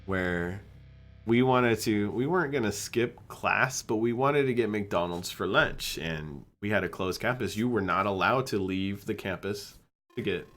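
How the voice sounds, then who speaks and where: A young man streaming live, chatting casually and acting out the people in his stories in a higher voice. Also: measured pace, soft background music. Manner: animated storyteller, acts out quotes in a higher voice.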